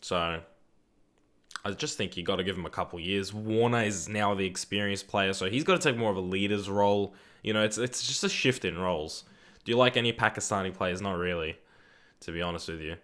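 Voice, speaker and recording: Young Aussie male streamer, slightly low voice, relaxed rambling chat with viewers, casual swearing. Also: fairly quick. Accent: Australian. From Australia. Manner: reads viewer chat aloud and answers it. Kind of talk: live gaming stream chat.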